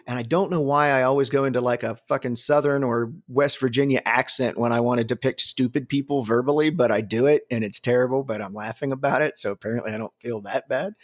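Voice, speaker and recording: A man's voice: mid-range voice, a little fast. A man hosting a casual podcast, rambling and swearing, often laughing at his own jokes. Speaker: podcast host.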